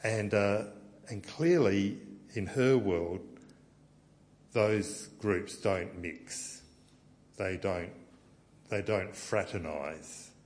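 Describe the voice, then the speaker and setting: Low-voiced Australian pastor preaching. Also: male voice, extremely slow, long pauses, darkish tone. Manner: conversational and anecdotal, with frequent fillers and restarts. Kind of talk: sermon.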